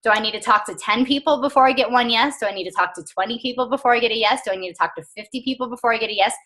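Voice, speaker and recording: Bright-voiced chatty woman coaching her team. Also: fairly high pitch, racing. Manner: chatty and earnest, with frequent fillers and small laughs. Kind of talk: casual motivational team call.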